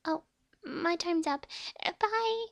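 A very high, cutesy little girl voice that giggles and trips over her words, as a woman puts it on. She talks slowly with a creaky edge, and the recording is dry and close. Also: dry recording, heavily acted. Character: cute chatty little girl. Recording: dry close headset mic.

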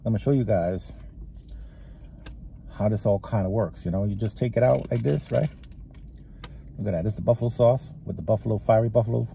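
Eating in his parked car with the engine running, a Texas-drawling food vlogger chats and rambles, talking with his mouth full between bites. His voice sits on the low side, dark and gravelly, fairly quick but with frequent pauses. A little hiss or hum can be heard.

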